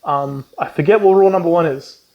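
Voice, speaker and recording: A man's voice: a little high, brisk, highs cut off. A man recapping a book casually, rambling with lots of ums and swearing, and acting out the characters' lines. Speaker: book reviewer.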